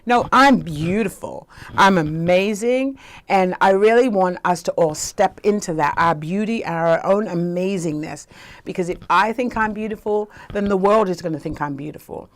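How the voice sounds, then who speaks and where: A woman's voice: fairly low pitch, normal speed. A woman life coach telling a personal story in a conversational way, often checking in with "right?". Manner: conversational, often asks "right?", acts out quoted voices.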